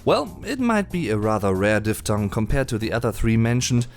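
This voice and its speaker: A man with a fairly low voice walks through a pronunciation lesson, his pitch rising and falling a lot as he stresses each example. He speaks patiently and slowly sounds out the words. Soft music plays faintly behind him. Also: expressive. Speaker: German language teacher. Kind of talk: explanatory voice-over lesson. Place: indoors at home during a thunderstorm. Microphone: voice-over, no camera.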